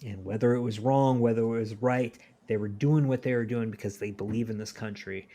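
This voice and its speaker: A man co-hosting a podcast, talking earnestly and at length, voice sinking quietly at the ends of thoughts. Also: fairly low pitch, steady tone, fairly quick, slight background noise. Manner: earnest, preachy, trails off quietly. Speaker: podcast co-host. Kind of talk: casual podcast discussion.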